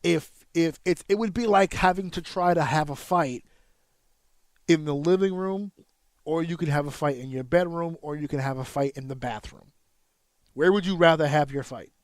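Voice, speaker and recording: A man's voice: fairly high pitch, normal speed, dry recording, studio quality. A man, a wrestler hosting a podcast, explains in a casual, profane monologue, counting out rhythms with sound effects.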